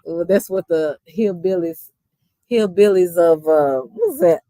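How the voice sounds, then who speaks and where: A sleepy woman with a Texas country accent, signing off a livestream in a loose, rambling way. Her voice sits fairly low for a woman. The sound is dry, close to the mic. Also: animated, slow, mellow, no room sound. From Dallas, Texas. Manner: chatty, rambling, thanks viewers by name. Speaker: YouTube reaction streamer. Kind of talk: casual livestream sign-off.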